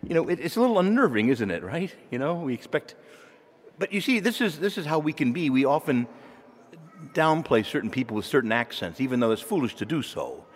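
A man's voice: fairly high pitch, slightly rough. A man preaching a sermon in a church, in a conversational way, putting questions to his listeners. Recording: long reverb of a large hall.

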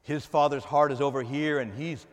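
A male pastor preaching a sermon, acting out voices and swinging between loud and soft. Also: on the high side, fairly even intonation, normal speed, big-room sound.

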